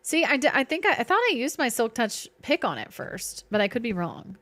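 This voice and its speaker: A woman's voice: fairly high pitch, big pitch swings, fairly quick, a bit bright. A woman streaming a game, chatting playfully with her viewers and herself. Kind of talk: casual live-stream chat while gaming.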